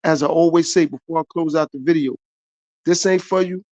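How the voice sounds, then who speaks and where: A man's voice: fairly high pitch, steady tone, brisk, a little mellow, dry recording. A man hosting his own podcast, giving a repetitive motivational monologue straight to his viewers. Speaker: podcast host.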